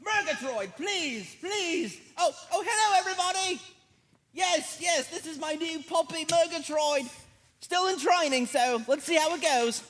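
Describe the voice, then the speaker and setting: A fussy, flustered young assistant, voiced by a man in a very high, squeaky voice. He talks softly and a little nervously. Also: animated, measured pace, exaggerated voice.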